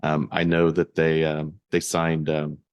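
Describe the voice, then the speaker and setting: Deep-voiced man chatting fantasy sports. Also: completely flat delivery, clear, resonant tone, no room sound, highs cut off. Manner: halting, many fillers and restarts. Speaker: podcast co-host. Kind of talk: casual sports podcast chat.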